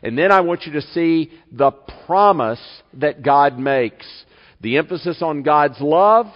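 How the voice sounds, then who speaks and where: A man preaching a sermon as pastor, with measured delivery and slow, emphatic reading of scripture in a church. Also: a little high, animated, in a large hall, muffled recording. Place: church sanctuary.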